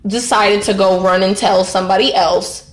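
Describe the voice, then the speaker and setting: A woman co-hosting a podcast, telling a story in a blunt, profane, animated way. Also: medium pitch, moderate pace. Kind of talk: casual storytelling chat. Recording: roomy echo.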